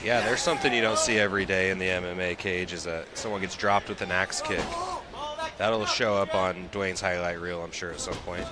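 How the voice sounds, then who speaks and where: A man giving fight color commentary, offering relaxed analysis with some filler words. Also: low-pitched, a little fast, over a noisy crowd.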